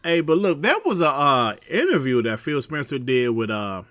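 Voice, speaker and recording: A man hosting a casual gaming podcast, talking in a lively, slangy way and laughing easily. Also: mid-range voice, normal speed, no room sound, studio quality. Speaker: podcast host.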